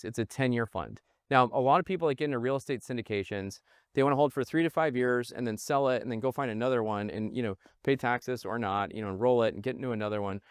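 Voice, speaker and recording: A man from the Midwest giving an energetic investment presentation, often checking in with listeners and calling them "guys". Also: mid-range voice, clean tone, no echo, clean studio sound. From Midwest United States. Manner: animated, punctuates with "okay?", addresses viewers as "guys". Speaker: real estate investor pitching a fund.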